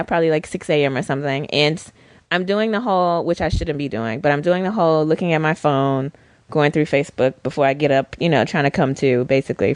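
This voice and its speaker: A woman's voice: deep voice, dry recording. A woman co-hosting a podcast, chatting casually and telling stories expressively. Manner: animated storyteller, expressive. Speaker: podcast co-host. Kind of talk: casual chat.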